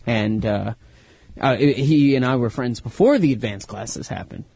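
Husky mock-boastful man. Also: medium pitch, unhurried, a little mellow, no echo. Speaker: podcast guest. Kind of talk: casual chat.

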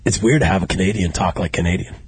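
A man's voice: low voice, quick pace, breathy edge, no room sound. A man hosting a podcast, telling boastful stories in crude, casual banter. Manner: boastful storyteller, laughs at his own jokes. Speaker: podcast host.

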